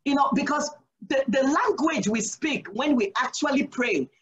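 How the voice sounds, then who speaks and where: A woman with a high-sitting, expressive voice speaks at a moderate pace on a rough recording. She's a deaconess teaching a church Bible study, earnestly exhorting, posing rhetorical questions and answering them herself, and sprinkling in "Praise the Lord".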